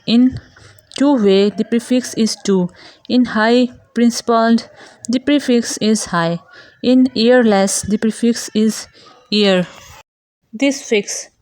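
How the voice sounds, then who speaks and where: A woman reading a scripted grammar lesson, going through definitions and lists of example words in a measured way. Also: on the high side, darkish tone, no echo. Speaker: grammar teacher.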